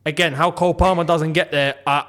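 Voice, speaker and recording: A young man hosting a football channel, ranting in an animated way and hammering points home by repeating them. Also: on the high side, a little fast.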